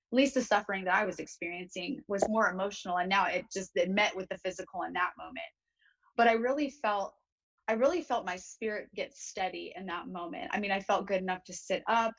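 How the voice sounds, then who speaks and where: A woman's voice: medium pitch, steady tone, a little fast, a bit bright, rough recording. A young woman, a talk show guest, tells a personal story in an earnest, emotional way, often restarting her sentences. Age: young adult.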